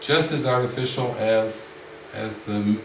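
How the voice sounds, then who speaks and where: A man leading a spiritual retreat discussion, speaking slowly and reflectively with frequent restarts. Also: fairly low pitch, noisy background. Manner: slow, reflective, many restarts. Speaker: spiritual teacher. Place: retreat room with a group. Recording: roomy sound from the mic's distance.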